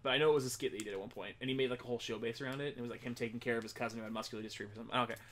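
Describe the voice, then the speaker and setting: A man's voice: mid-range voice, fairly even intonation, racing, a bit bright, a little hiss or hum. A man co-hosting a let's play in casual commentary, rambling through a story with frequent swearing. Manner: rambling, profane, laughing asides.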